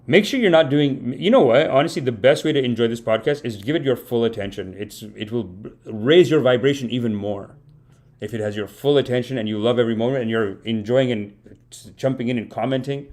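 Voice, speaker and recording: Hosting a live comedy podcast from his home streaming setup, a man gives a rambling, mock-earnest monologue of stories full of self-praise. His voice is medium-pitched, a little fast and a little mellow.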